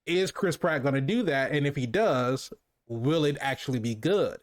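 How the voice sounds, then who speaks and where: A man's voice: medium pitch, lively intonation, moderate pace. A man co-hosting a casual movie review, talking in long rambling runs with many restarts and fillers.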